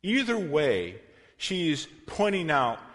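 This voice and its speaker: A man preaching a sermon in a conversational way, with asides and self-corrections, swinging between loud emphasis and quiet passages. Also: on the high side, big pitch swings, slow. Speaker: pastor. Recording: long reverb of a large hall.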